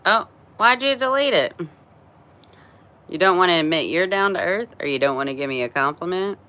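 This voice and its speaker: A woman's voice: on the low side, lively intonation, moderate pace, bright, forceful tone. A tired woman in her forties hosting a casual live stream, chatty and rambling, laughing often between thoughts. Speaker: livestream host.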